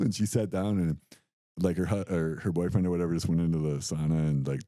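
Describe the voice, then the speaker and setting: A young adult man co-hosts a podcast, telling a story in casual chat with animated energy and acting out the quotes. His voice is deep and his pace quick, with no room sound on the recording.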